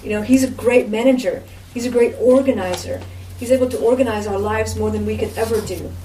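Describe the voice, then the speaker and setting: A woman's voice: mid-range voice, fairly quick, dark tone. A woman giving an informal sermon as a Bible teacher, with a conversational manner and frequent asides to her listeners. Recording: roomy echo, distant mic, faint background noise.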